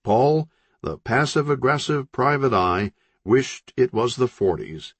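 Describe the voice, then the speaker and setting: A man reading a crime novel aloud as an audiobook narrator, expressive and voicing each character. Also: mid-range voice, a little slow, breathy edge, no room sound. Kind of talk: scripted narration.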